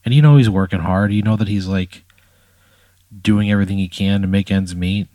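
Guy rambling through a made-up story, lots of "like" and cussing, lowish voice, dry mic. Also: fairly even intonation, fairly quick, dark tone, no echo. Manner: casual, swears often, filler "like" and "you know". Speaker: podcast storyteller. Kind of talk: improvised hypothetical storytelling.

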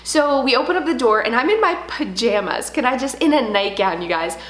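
A woman in her thirties, a home decor vlogger telling a story in casual, animated chat. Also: on the high side, a little fast. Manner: chatty, animated storytelling with laughs. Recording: echoey room.

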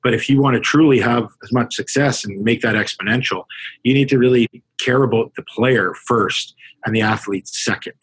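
A Canadian hockey coach reflects on his coaching experiences in a casual interview, speaking conversationally and restarting his sentences often. His mid-range voice is husky, the pace moderate, and the audio quality poor.

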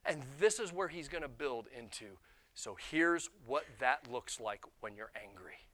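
A male pastor giving a sermon, animated and self-deprecating, telling personal stories and acting out quotes. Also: mid-range voice, unhurried.

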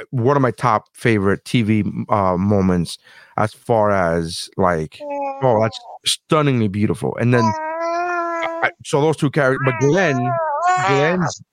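A man's voice: medium pitch, no room sound. Rambling, profane man hosting a chat. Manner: enthusiastic, rambling, swears freely. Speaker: podcast host. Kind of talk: casual chat.

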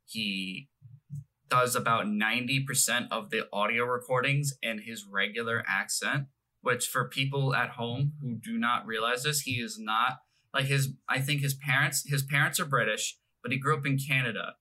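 Bright-voiced man in casual chat. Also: mid-range voice, normal speed, poor audio. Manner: rambling, self-correcting, laughs often. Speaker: podcast co-host.

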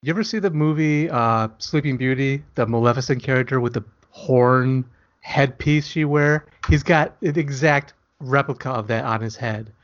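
A man co-hosting a casual podcast, teasing and crude with a deadpan delivery. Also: mid-range voice, normal speed, lo-fi sound. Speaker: author and podcast co-host.

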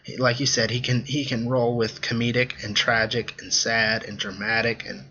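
A man's voice: medium pitch, little pitch movement, moderate pace, pushed and bright, slightly rough, highs cut off. A man co-hosting a casual film review podcast, talking in a chatty, hesitant way with many ums and restarts. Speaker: podcast co-host.

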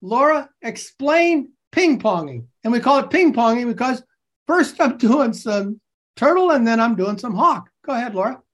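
A man coaching teachers over a video call, slowly explaining a classroom game and acting out its calls with bursts of energy. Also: very high voice, big pitch swings. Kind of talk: enthusiastic classroom-technique demonstration.

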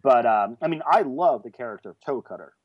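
A man co-hosting a podcast, arguing his view on a film in a casual, animated way. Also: mid-range voice, fairly quick, muffled recording. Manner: animated, opinionated. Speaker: podcast co-host.

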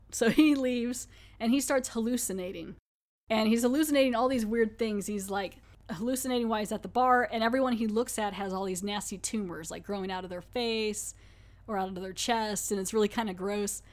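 A woman's voice: fairly high pitch, brisk, a little mellow. A woman hosting a podcast, chatting casually and full of fillers as she recaps and reviews a TV episode. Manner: chatty, filler-heavy, acts out quotes.

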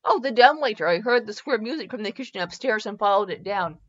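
A woman's voice: medium pitch, expressive, fast talker, lightly acted. A woman putting on a cheeky, wisecracking male servant who talks in folksy slang. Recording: dull lo-fi recording.

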